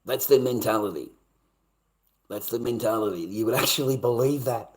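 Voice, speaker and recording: A man's voice: mid-range voice, moderate pace. Swearing, confrontational man ranting. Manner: confrontational, swearing, repetitive, sarcastic. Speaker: channel host. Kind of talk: livestream rant.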